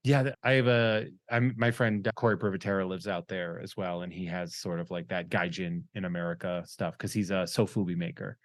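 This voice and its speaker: A young man hosting a podcast in casual, rambling chat, joking around and reading out listener shout-outs. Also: sits low, flat delivery, brisk, hardly any pauses. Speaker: podcast host.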